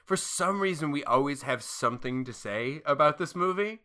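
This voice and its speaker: A man's voice: a little high, lively intonation, normal speed, pushed and bright. A young man co-hosting a podcast in casual chat, laughing, swearing and quoting movie lines. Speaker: podcast co-host.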